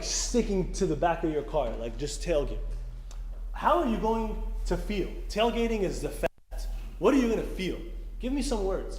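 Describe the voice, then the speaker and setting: At a church youth meeting, a man with a high-pitched, darkish voice delivers a casual, conversational sermon and often poses questions to the audience. The echoey hall carries faint room noise.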